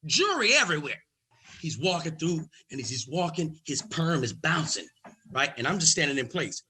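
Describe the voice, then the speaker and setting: A man from the United States, a comedian guest, telling a lively story and acting out each voice. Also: fairly high pitch, normal speed, husky, poor audio. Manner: lively, acts out every voice. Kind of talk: animated storytelling.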